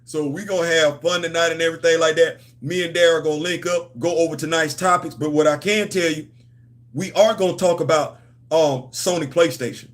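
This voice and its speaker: A man's voice: fairly high pitch, fairly even intonation, brisk. A man hosting a comics and culture channel, talking in a loose, playful, repetitive way with slang. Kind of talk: casual livestream chat.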